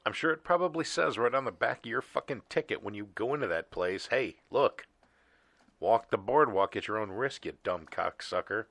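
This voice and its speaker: A man co-hosting a podcast, cursing freely and cracking gruff jokes. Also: lowish voice, expressive, normal speed, a bit bright, dry recording. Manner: gruff, swears freely, jokes in side voices. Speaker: podcast co-host. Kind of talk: profane casual banter.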